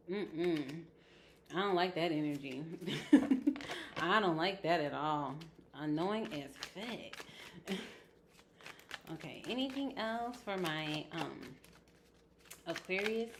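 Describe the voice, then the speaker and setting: A woman's voice: fairly low pitch, lively intonation, takes it slowly, pauses often, noisy background. A woman giving a casual tarot reading, chatty and blunt, with frequent laughs and swearing. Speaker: tarot reader.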